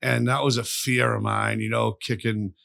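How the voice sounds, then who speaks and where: A man's voice: medium pitch, flat delivery, normal speed, gravelly, fairly bright tone, no echo. A middle-aged man, a podcast guest telling stories in a blunt, profane, rambling way. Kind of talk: casual storytelling conversation.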